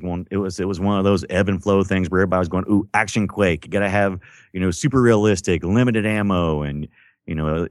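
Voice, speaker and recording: Man, low voice, casual gaming chat, rambling, dry recording. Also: dry recording. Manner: rambling, animated storytelling with acted-out quotes. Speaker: podcast co-host.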